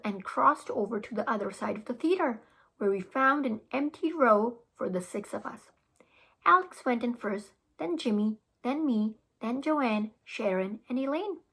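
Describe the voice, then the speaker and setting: Woman teacher, read-aloud narrator, high breathy voice, expressive. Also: poor audio. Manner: expressive storytelling with small restarts. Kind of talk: children's book read-aloud.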